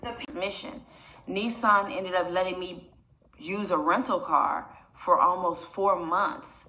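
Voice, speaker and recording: A young woman tells a long personal story straight to her viewers, rambling from one point to the next. Her voice sits on the low side, and she sounds emotional and close to tears. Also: fairly even intonation, slow pace, bright, forceful tone. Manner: rambling, chatty, repeats "y'all" often. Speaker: vlogger.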